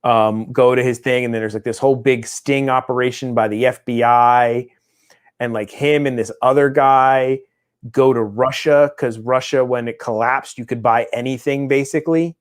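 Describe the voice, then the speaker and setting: A man co-hosting a casual chat show, mid-pitched and conversational. He tells a long, winding story full of restarts and briefly acts out the people in it. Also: steady tone, normal speed, clear, resonant tone. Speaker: podcast co-host.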